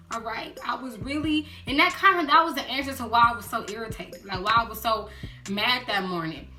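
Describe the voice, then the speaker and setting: A young woman chatting casually in a storytime vlog, acting out quotes in lively voices. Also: on the high side, brisk. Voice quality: animated, acts out quotes in voices. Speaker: vlogger. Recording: roomy echo with background music.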